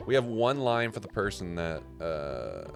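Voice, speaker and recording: A man's voice: sits low, sing-song, a little slow, vocal fry, faint music behind. A man from Canada streaming a puzzle game, rambling and joking with casual swearing as he plays. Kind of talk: casual gameplay commentary.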